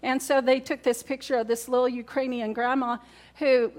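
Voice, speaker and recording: Her voice sits high and her delivery is flat, moving at a moderate pace. She's a woman pastor giving a sermon in church, chatting with the congregation, repeating important words and asking them questions.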